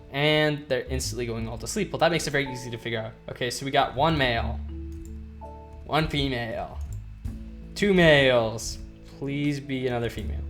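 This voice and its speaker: A young man at his desk mic rambles through casual gameplay commentary, thinking aloud and gushing over the creatures on screen. His voice sits at an ordinary middle pitch. Faint game music plays quietly behind him. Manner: rambling, chatty, gushes over cute dinosaurs. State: hiccuping. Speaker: gaming YouTuber.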